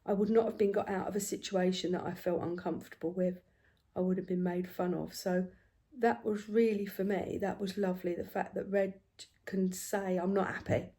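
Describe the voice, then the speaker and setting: An older woman, chatting casually about family while she stitches at home, telling stories with lively swings and quiet hushed asides. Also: mid-range voice, normal speed. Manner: chatty, animated storytelling, dropping to hushed asides. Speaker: craft vlogger.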